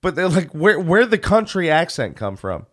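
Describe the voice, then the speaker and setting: Brief: podcast co-host man, slightly high, lively voice, teasing and crude. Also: moderate pace. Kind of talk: casual chat.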